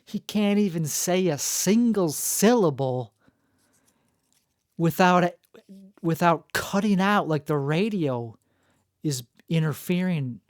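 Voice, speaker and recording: Male solo host, gravelly voice, rambling and self-deprecating, dry close sound. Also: on the high side, animated, takes it slowly, long pauses, dry recording. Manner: self-mocking and jokey, full of restarts. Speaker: podcast host.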